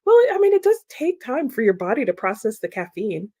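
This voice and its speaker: A woman's voice: fairly high pitch, very animated, brisk, a little mellow. A woman hosting a book livestream, chatting casually and laughing often as she reads out viewer comments. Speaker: booktube host reading chat comments.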